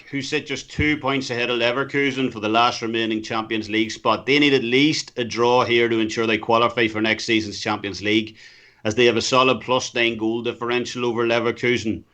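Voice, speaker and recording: Northern irish fella breaking down footy bets, easygoing, bright punchy voice. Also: male voice, medium pitch. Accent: Northern Irish, County Fermanagh. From Northern Ireland. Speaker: sports betting analyst. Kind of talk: casual chat and match analysis.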